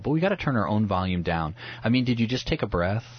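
An earnest man with a lowish, slightly husky voice walks through a Bible passage in conversational teaching. He talks reflectively and often restarts his sentences. The sound is muffled and lo-fi. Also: animated, fast talker, hardly any pauses. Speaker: pastor, radio guest.

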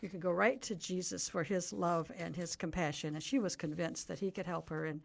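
A woman's voice: fairly low pitch, fairly even intonation, a little fast, vocal fry. An older woman, a Bible teacher, explaining a scripture story earnestly as a guest on a talk program. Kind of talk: radio interview, storytelling.

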